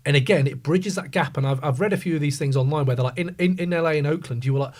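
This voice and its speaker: A man in a casual podcast debate, talking with animated emphasis and plenty of swearing. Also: a little high, quick pace, few pauses. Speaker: podcast panelist.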